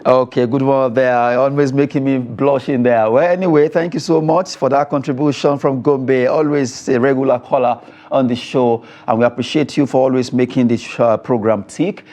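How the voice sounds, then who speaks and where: A man's voice: medium pitch, steady tone, moderate pace, hardly any pauses, a little mellow. A Nigerian man presents a weekend sports phone-in show. He talks in a loose, chatty way, laughs along with his callers and leans on filler words while he thinks. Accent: Nigerian English.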